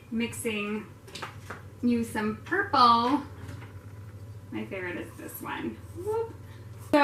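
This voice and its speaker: In a high-pitched, somewhat bright voice, a woman hosts a relaxed painting tutorial, rambling chattily with plenty of fillers and self-deprecating jokes. The mic sits at a distance in an echoey room with faint background noise.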